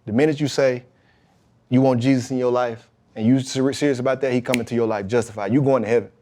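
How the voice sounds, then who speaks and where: A man, a pro football player, talking as a podcast guest, telling his story about faith and football in a lively, emphatic way. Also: medium pitch, fast. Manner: emphatic, animated retelling with acted-out quotes.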